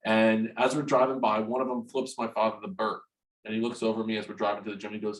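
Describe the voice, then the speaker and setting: A man in his forties from New Jersey, a guest in an interview, telling a personal story frankly and haltingly, restarting and repeating words and swearing freely. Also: fairly low pitch, little pitch movement, low-quality recording. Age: 40s.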